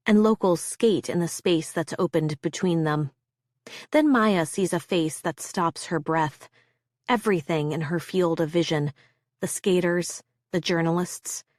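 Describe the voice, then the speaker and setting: Low-voiced woman narrating a thriller. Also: no room sound, studio quality. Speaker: audiobook narrator. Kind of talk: scripted audiobook narration.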